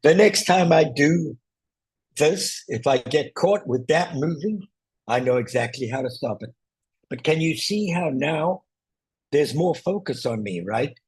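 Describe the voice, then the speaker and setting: Brief: male video coach, deliberately loud delivery, very husky tone, keeps asking "right?". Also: a little high, expressive, no echo, rough recording. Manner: speaks loudly on purpose, with frequent "right?" check-ins. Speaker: online presentation coach. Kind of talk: casual video tutorial. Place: small one-room apartment, indoors.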